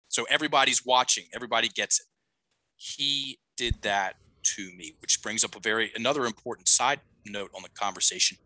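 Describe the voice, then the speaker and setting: A man's voice: medium pitch, pushed and bright, no echo, rough recording. A middle-aged man, a life coach, telling a long story on a podcast, restarting sentences and checking in with "okay?". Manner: rambling, self-correcting, frequent "okay?" check-ins.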